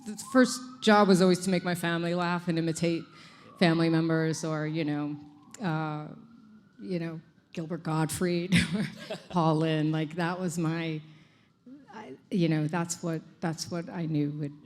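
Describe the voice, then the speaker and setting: A woman's voice: low-pitched, a little slow, a little hiss or hum. A middle-aged woman chatting as an interview guest, telling stories and laughing often. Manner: laughs often, animated storytelling. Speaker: actress guest. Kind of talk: casual interview chat.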